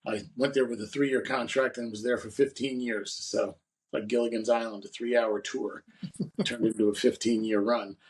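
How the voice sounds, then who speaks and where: A man's voice: medium pitch, little pitch movement, moderate pace, distant mic, low-quality recording. A man co-hosting a podcast, telling rambling stories about his career in a casual chat. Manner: rambling anecdotal storyteller. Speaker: podcast co-host.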